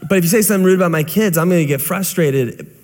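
A young male pastor preaching with a high voice and lively delivery. He tells stories and acts out voices and sounds as he goes. His sermon carries a long reverb. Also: quick pace.

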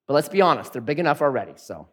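A pastor delivering a sermon in a conversational, animated way, often asking the congregation questions. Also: male voice, on the high side, rapid-fire, husky.

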